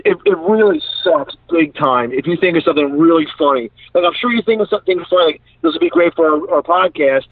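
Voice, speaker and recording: A man's voice: fairly high pitch, lively intonation, fast talker, few pauses, no echo. Philly-accented man on a tinny phone line. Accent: Philadelphia. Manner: rambling, laughs through his stories. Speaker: comedian guest. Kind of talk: casual chat. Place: inside his parked truck. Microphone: phone call.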